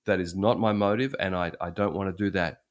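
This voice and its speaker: A low-voiced man in his sixties gives a sermon in an easy, chatty storytelling manner. He often circles back and restarts his phrases, and his deep voice stays unhurried. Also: steady tone. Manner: conversational, repeats and restarts phrases. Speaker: pastor.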